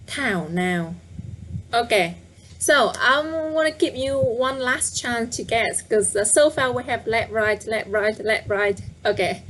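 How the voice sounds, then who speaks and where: Woman, live online teacher, patient, slow speech, faint background hiss. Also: a little high, fairly bright tone. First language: Vietnamese. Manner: patient, repeats words slowly, asks viewers to guess. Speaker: Vietnamese teacher. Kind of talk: live online language lesson.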